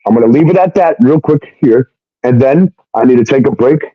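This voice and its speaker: A man's voice: mid-range voice, fairly quick, no echo, muffled recording. A man telling his own story in casual talk, swearing often and acting out what others said. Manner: profane, animated retelling with quoted dialogue.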